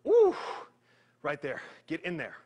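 A man leading a live workout, energetic and joking, counting down reps while he strains through the exercises himself. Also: high-pitched, normal speed, lo-fi sound. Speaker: fitness trainer.

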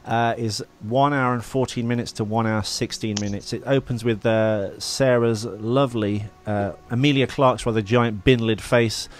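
A man in the host's chair, talking in an easygoing, mid-pitched voice. He is chatty and teasing, and laughs often as he runs the conversation. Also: fairly even intonation, moderate pace, few pauses. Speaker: podcast host. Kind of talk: casual podcast chat.

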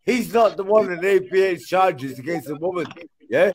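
A man's voice: high-pitched, animated, normal speed, a little hiss or hum. A man hosting a live stream, mocking and goading his opponent. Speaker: streamer host. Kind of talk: taunting live-stream banter.

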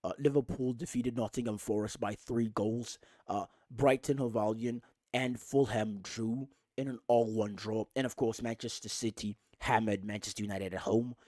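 A man's voice: on the low side, steady tone, normal speed, darkish tone, no echo. A man, hosting a podcast, ranting angrily about football with lots of swearing and emphatic repetition. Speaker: podcast host. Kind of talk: casual football rant.

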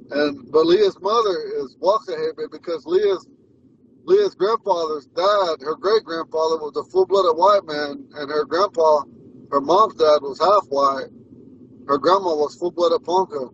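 A man's voice: fairly high pitch, slight background noise. A man in his forties, a language teacher, telling rambling stories in a casual lesson. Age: 40s. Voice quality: rambling, repeats himself and restarts. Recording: muffled sound from far off the mic.

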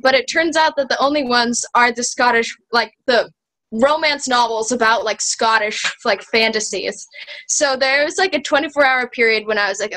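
A woman tells a self-deprecating story over a video call, her voice a little high. She talks casually and breaks into giggles. The tone is loose and chatty. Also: normal speed, bright, forceful tone, low-quality recording. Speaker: cast member.

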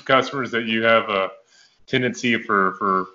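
A man's voice: fairly low pitch, normal speed, sharp tone, pitched below the performer's own voice. A man playing a scheming bar owner. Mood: coaxing. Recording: slightly muffled recording.

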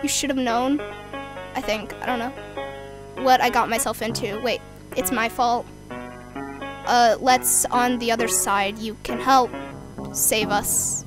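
A frantic young woman with a high voice plays a horror game and trash-talks it. She swears and spirals into loud, repeated protests. Loud game music plays behind her. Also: normal speed, pauses often. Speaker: gaming channel host. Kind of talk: horror game playthrough commentary.

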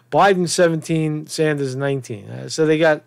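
A man's voice: on the high side, a little slow, creaky, dry recording. A man delivering a crude, mocking political rant as a commentary vlogger, swearing often. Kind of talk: profane off-the-cuff political rant.

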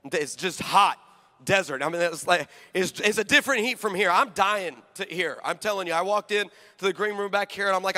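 A male preacher tells a comic story in a high, bright, forceful voice. He jokes with the congregation and acts out both sides of each exchange. His voice carries a long reverb from the hall. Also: fairly quick. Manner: animated, joking, acts out dialogue.

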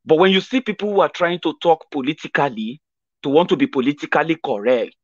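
A man with a Nigerian accent giving a casual, animated commentary monologue and acting out other people's lines as he goes. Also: a little high, fast, no echo, muffled recording. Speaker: political commentator.

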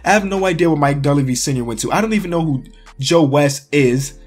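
A man talks his way through a sports quiz, excitable and quick to cry out when he misses one. His voice sits a little high, and faint music plays under him. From Chicago area. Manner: excitable, talks to himself, cries out in frustration. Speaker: sports YouTuber. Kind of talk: casual quiz commentary.

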